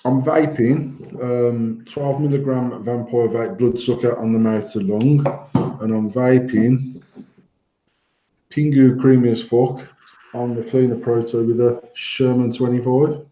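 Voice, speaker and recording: A man joins a livestream from his phone and tells blunt stories full of swearing. His voice is mellow and dark. It echoes around the room and sounds dull and lo-fi through the phone. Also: mid-range voice, steady tone, a little slow. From England. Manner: heavy swearing, blunt anecdotes. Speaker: co-host of a vaping livestream. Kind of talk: casual storytelling banter.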